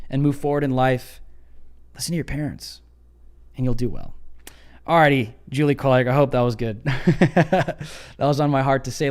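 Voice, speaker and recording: A man's voice: mid-range voice, a little mellow. A young man hosting a live stream in a casual, emphatic way, reading viewer donations aloud and calling people "man" and "brother.". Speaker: livestream host.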